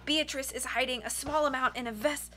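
A woman voicing a poisoned, bookish teenage boy whose voice comes out rough and wheezy. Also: sits high, steady tone, fairly quick, sharp tone, a little hiss or hum, pitched above the performer's own voice. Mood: wheezy, strained.

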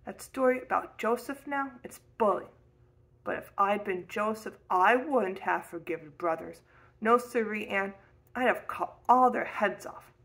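A woman's voice: mid-range voice, a little slow, vocal fry, fairly bright tone. A woman voicing a blunt, chatty nine-year-old boy in a storybook reading. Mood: cheerful. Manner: chatty, curious, cheerfully outspoken.

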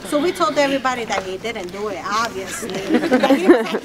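A woman, an aunt, telling a funny family story in a casual, animated way with laughter and quick asides. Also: high-pitched, over a noisy crowd, rough recording. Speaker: aunt of the deceased.

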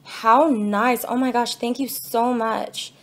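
A young woman gushing excitedly as she unboxes gifts in her home kitchen, filming on a phone in one hand and apologizing as she fumbles. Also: fairly high pitch, slow, slight background noise. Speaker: vlogger. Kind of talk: casual unboxing vlog. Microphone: phone held in one hand.

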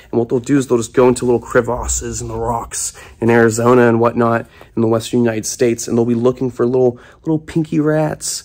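A man's voice: mid-range voice, warm tone. A young man hosting a casual vlog about caring for his snakes and lizards, chatty and enthusiastic, recorded on a phone propped up nearby. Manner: chatty, enthusiastic, coos at the animals. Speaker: reptile keeper and show host. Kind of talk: casual animal-care vlog. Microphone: phone propped up on a can.

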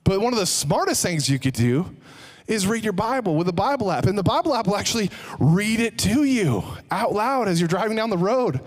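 A male pastor preaching a sermon in a church service, energetic, repeating key phrases for emphasis and tossing joking asides to the congregation. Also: sits high, a little fast. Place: church sanctuary, live service.

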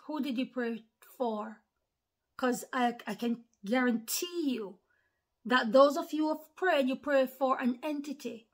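A woman preaching an informal sermon to online followers. She talks earnestly, repeats herself, calls listeners brothers and sisters, and swings between hushed whispers and emphatic raised lines. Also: high-pitched, unhurried.

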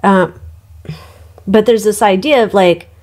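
A woman's voice: mid-range voice, slow pace, darkish tone. A woman giving a casual, gossipy and irreverent tarot reading to her viewers, full of asides. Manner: gossipy, irreverent, frequent ums and laughs. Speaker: tarot reader.

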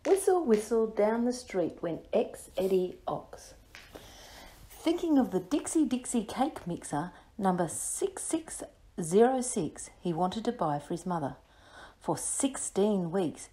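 A woman reading a children's story aloud for a reading lesson, clear and expressive, sounding words out carefully. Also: mid-range voice, slow pace. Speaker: reading teacher.

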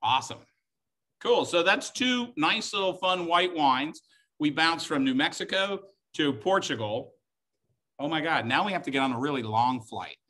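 A man's voice: a little high, animated, normal speed, pushed and bright. A middle-aged man hosting a live-streamed wine tasting class, chatty and joking as he walks viewers through each wine. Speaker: wine tasting host and instructor.

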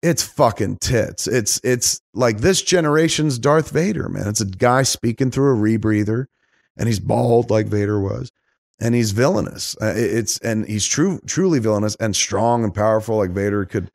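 A middle-aged man hosting a podcast, talking in a rambling, animated way and swearing often. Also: fairly low pitch, normal speed, vocal fry, no echo, clean studio sound. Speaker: podcast host. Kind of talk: casual chat.

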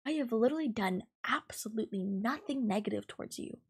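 A woman in her twenties hosting a podcast, venting heatedly and profanely about a coworker, talking fast with lots of fillers. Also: on the high side, animated, husky. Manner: fast and emphatic. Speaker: podcast host. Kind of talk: ranting storytime podcast.

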